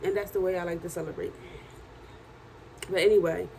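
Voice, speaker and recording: Hoarse, tired woman telling her day. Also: fairly low pitch, a little fast, slight background noise, poor audio. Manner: chatty, animated storytelling. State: hoarse, worn-out voice. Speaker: vlogger and journal author. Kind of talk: casual video diary.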